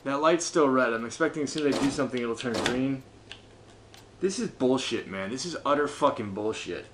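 A man's voice: fairly quick, background noise. A man commentating his own gameplay, frustrated and swearing constantly, talking to himself. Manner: lively pitch, swings between muttering and yelling. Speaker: gameplay streamer.

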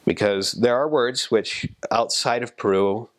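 A man's voice: mid-range voice, unhurried. A young man, a returned missionary, giving chatty, casual advice and laughing at his own stories.

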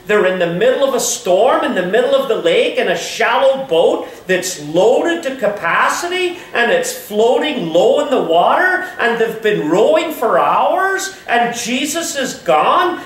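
A man preaching a sermon as pastor, expressive and dropping to a hush at times. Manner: expressive preaching, swinging pitch, drops to a hush. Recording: echoey room, voice from a distance.

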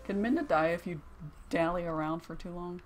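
Young female let's-play host, jokey and teasing, soft game music behind. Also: fairly low pitch. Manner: teasing, jokey, quick to laugh. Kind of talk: casual gameplay commentary.

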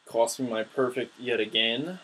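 Young male gamer, husky, casual trash-talk commentary. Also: medium pitch, normal speed, low-quality recording. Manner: excitable, trash-talking. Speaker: gameplay commentator.

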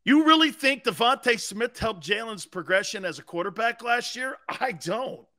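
A man hosting a sports talk show, ranting with mocking disbelief. His voice sits high and swings widely in pitch. He takes his time, stretching out the words in a slow, drawn-out delivery. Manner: mocking and incredulous, breaking into laughter and shouted outbursts.

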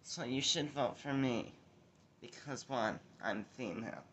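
A man's voice: mid-range voice, measured pace, fairly bright tone, a little hiss or hum, lightly acted. A man impersonating a rambling, scattered woman politician at a debate, who keeps repeating "okay?". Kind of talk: comedic impression sketch.

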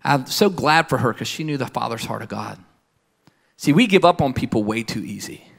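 A man preaching a sermon with passion, slowing down to repeat key phrases for emphasis. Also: medium pitch, expressive, gravelly. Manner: impassioned, with slow emphatic repetition.

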